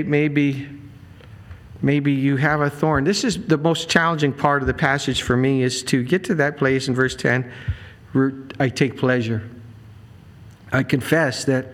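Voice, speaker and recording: A pastor with a mid-range, fairly bright voice preaches earnestly and conversationally, often starting his sentences over.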